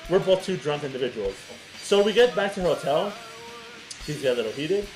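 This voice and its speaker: A man's voice: a little high, brisk, soft background music, poor audio. A man co-hosting a podcast, telling a story in casual chat and swearing freely. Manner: animated, swearing, laughing storyteller. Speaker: podcast co-host.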